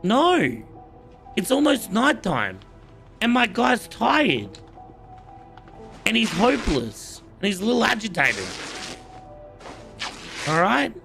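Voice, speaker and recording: An Australian man chatting through a live gameplay stream, cocky and playful with his viewers. His voice is slightly high, bright and edgy, with a gravelly fry running through it, and faint game music plays underneath. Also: wildly swooping pitch, slow pace, long pauses. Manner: playful, cocky banter with chat. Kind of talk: casual live gameplay commentary.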